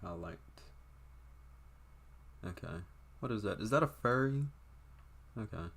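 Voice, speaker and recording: Very low-voiced young man chatting offhand. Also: animated, a little slow, vocal fry, a bit bright. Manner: rambling, profane, offhand. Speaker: game streamer. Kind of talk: casual livestream chat.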